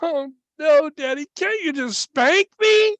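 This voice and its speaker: Tearful young boy, pleading, wailing, high-pitched, a man putting him on. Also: animated, takes it slowly, a bit bright, dry recording, highs cut off, heavily acted. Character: tearful seven-year-old boy caught stealing.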